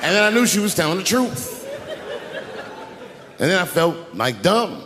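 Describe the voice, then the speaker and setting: Animated male stand-up storyteller. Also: sits high, unhurried, crowd noise. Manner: animated, acts out the voices of people in his stories. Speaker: stand-up comedian.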